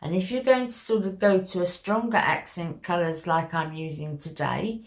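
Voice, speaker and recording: A woman's voice: on the low side, steady tone, moderate pace. A woman talking viewers through a makeup tutorial in a chatty, step-by-step way. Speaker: makeup vlogger.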